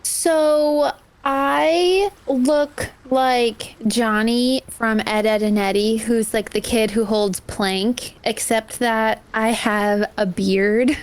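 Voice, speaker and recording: A woman's voice: fairly high pitch, steady tone, extremely slow. A woman player describing her character in a loose, chatty way, laughing often. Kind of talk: casual chat.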